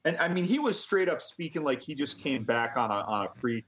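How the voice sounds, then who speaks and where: A man's voice: mid-range voice, big pitch swings, fairly quick, a bit bright, a little hiss or hum. A man co-hosting a podcast in casual chat, rambling and hesitant, laughing at his own riffs. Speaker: podcast co-host.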